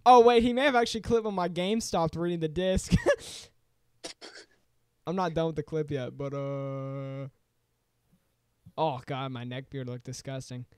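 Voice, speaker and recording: An excitable young man co-hosting a casual gaming podcast, laughing often. His voice is smooth and clear. The mic is close and dry, with no room sound. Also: a little high, unhurried, pauses often, no echo. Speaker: podcast co-host.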